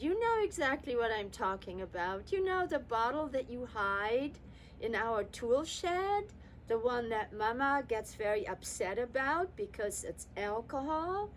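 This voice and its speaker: A woman's voice: mid-range voice, slight background noise, poor audio. An older woman from Germany telling a personal childhood story, acting out the dialogue between herself and her father. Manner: lively, voices her father and her child self in quotes.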